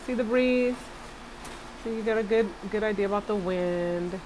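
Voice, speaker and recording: Lying on her bed indoors on a rainy day, a young woman from Brooklyn, New York, talks to her live-stream audience in a chatty, animated way, using a Southern "y'all." Her voice is mid-range at a moderate pace, against a noisy background.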